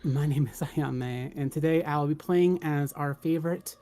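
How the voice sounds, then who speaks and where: A woman's voice: deep voice, moderate pace, mellow. A woman playing in a tabletop game stream, teasing and a bit sarcastic in casual chat. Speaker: player.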